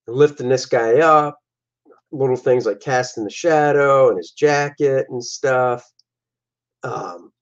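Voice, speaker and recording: A man casually walks through his own comic pages, animated and chatty, often slipping into voices for his characters. The recording sounds dull and lo-fi. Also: mid-range voice. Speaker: comic artist and show host.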